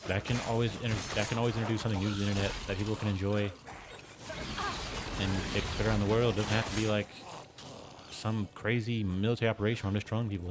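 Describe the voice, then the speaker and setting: A man with a lowish voice streams a game and rambles casually, saying "like" constantly, using lots of filler words and chuckling often. The recording is very noisy.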